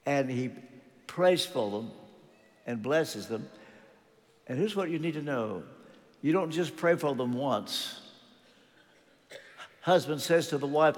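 An older man preaches in a fairly high voice, telling a story and voicing its characters with rising and falling emphasis. His words ring out with a long reverb, as in a large church hall. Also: expressive, slow, pauses often. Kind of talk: sermon.

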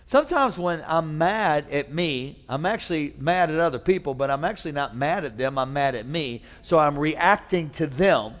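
Guy preaching, kinda high voice, funny stories, lots of hall echo. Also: expressive, normal speed, few pauses. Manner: storytelling with humor, acts out voices. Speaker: pastor. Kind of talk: sermon.

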